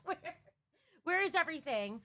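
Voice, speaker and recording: A woman's voice: fairly high pitch, bright, forceful tone. A woman live-streaming from her bedroom, chatting casually with her viewers on a desk mic and giggling often.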